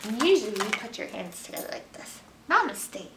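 A woman librarian singing and reading a picture book aloud, gently explaining things to young children. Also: on the high side, very animated, a little fast, background noise. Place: library room. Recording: echoey room, voice from a distance.

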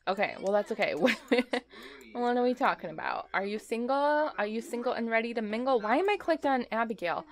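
A woman's voice: fairly high pitch, animated, fairly quick. A woman giving casual, chatty commentary while playing a game, talking to her characters, often laughing and repeating herself in exasperation. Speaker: let's play host.

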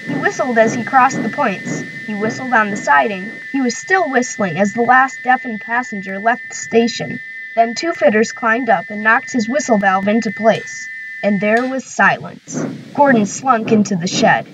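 A woman narrating a children's railway story in a brisk, lively way. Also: fairly high pitch, noisy background. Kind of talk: storybook read-aloud. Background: background music.

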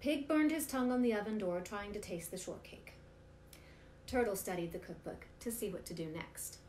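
A woman reading picture books aloud for a storytime, in an expressive, animated way, recorded in a roomy space with faint noise. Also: mid-range voice, moderate pace.

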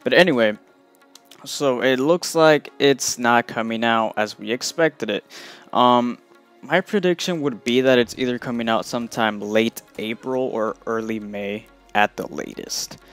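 A man's voice: mid-range voice, unhurried, a bit bright, soft background music. A young man hosting a casual gaming news vlog, talking loosely with lots of fillers. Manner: loose and rambling, many fillers. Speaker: gaming video host.

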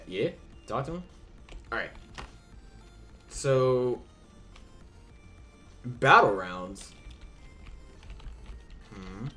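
Faint music plays behind this young let's play host as he acts out characters' lines in goofy voices and chats casually, cursing a little. His medium-pitched, fairly bright voice is animated, drawing out words and pausing often.

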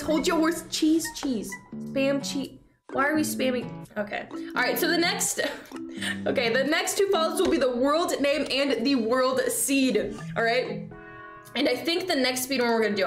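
A young woman streaming a game, chatting with her viewers in an excitable, exclamatory way with lots of swearing. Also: high voice, reverberant. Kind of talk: casual live-stream gameplay commentary.

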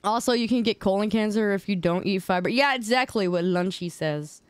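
A young woman streamer reacting to memes in casual commentary, incredulous and teasing, jumping to high exclamations. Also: brisk, clear, resonant tone, no room sound. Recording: stream with loud background music. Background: music under the voice.

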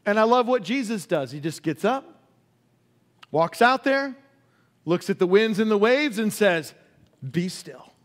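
A male pastor preaching a sermon, asking the congregation questions and acting out quoted cries before dropping to a hush. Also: high-pitched, expressive, a little slow, pauses often. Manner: acts out quoted cries loudly and drops to a hush.

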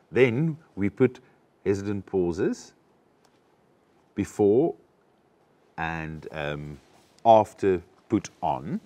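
Deep-voiced acting coach. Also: male voice, a little mellow. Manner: instructive, explains step by step. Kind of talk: teaching an acting lesson.

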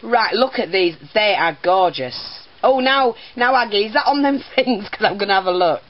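An older woman talks warmly and chattily in a casual craft vlog. She keeps dissolving into giggles between remarks about her parcel. The sound is dull and lo-fi, like a home video. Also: mid-range voice, lively intonation, normal speed. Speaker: teacher and crafter.

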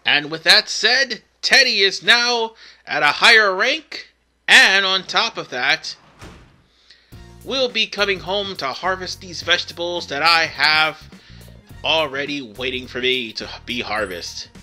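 A man's voice: high-pitched, expressive, measured pace, sharp tone, soft background music. A man hosting a let's play, giving casual, rambling gameplay commentary with fillers and self-corrections.

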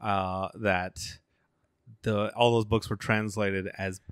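A man co-hosting a comedy podcast, making deadpan contrarian claims and laughing often in casual chat. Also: lowish voice, slow, clean tone, no room sound, studio quality. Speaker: podcast co-host.

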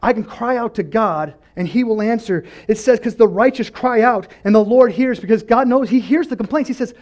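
A man pastor delivering an impassioned sermon, swinging between loud pleading and quiet lows, laughing often. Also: brisk, highs cut off. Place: church.

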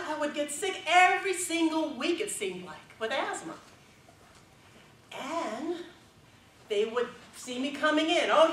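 A middle-aged woman giving a prepared contest speech on stage, telling a story expressively with dramatic pauses. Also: sits high, sharp tone. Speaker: contest speaker. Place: stage in a large hall. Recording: roomy hall from a distance.

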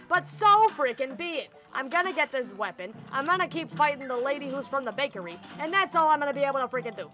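A woman with a high, bright, sharp voice delivers live gameplay commentary as a theatrical, exasperated rant aimed at her chat. Faint game music plays behind her. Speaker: streamer.

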